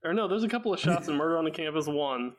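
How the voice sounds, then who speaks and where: A man's voice: fairly high pitch, lively intonation, very fast. Young guy chiming in with dry jokes, laughing a lot. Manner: wry, laughs often. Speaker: podcast co-host. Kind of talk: casual chat.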